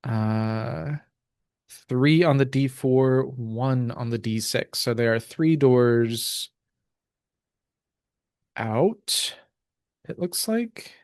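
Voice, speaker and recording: A man's voice: medium pitch, drawn-out words, long pauses, no room sound, studio quality. Casual man narrating a tabletop game. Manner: relaxed, full of ums and uhs. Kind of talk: casual rules reading and scene narration.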